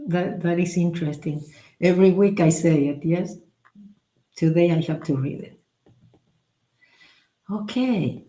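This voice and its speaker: Soft-spoken woman teacher, echoey room. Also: fairly low pitch, measured pace, pauses often. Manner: soft-spoken, warm-hearted, laughs at own slips. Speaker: spiritual teacher. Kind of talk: guided recitation and casual teaching talk.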